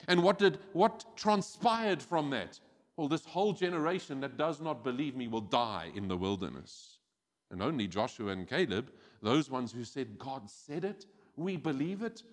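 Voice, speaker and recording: A man preaching a sermon as pastor, animated and acting out quoted voices. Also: fairly high pitch. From South Africa. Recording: church hall with long reverb.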